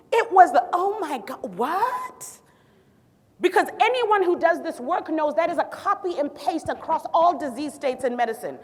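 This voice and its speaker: A woman physician from Zimbabwe tells her story on stage and keeps dropping playful asides to the crowd. Her voice sits a little high. A long reverb trails each phrase through the large hall. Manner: sassy, animated asides to the audience. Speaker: physician and city health director speaking on stage. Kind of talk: storytelling public talk.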